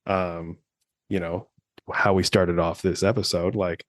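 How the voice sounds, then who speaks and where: Talking in an unhurried, steady way, this thirty-something podcast co-host has a low voice. The studio-quality recording has no echo, and his casual chat rambles along with plenty of fillers and frequent swearing.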